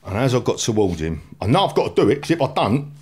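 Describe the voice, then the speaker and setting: Fast and mid-range with a breathy edge, this man's voice carries a London accent. He's an English guest in his forties, telling his life story in an unpolished, blunt manner full of slang and lively energy.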